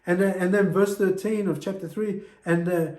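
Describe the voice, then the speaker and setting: A man's voice: high-pitched, fairly even intonation, normal speed, darkish tone. A man preaching a sermon in a church, earnest and exhorting his listeners. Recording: echoey church room.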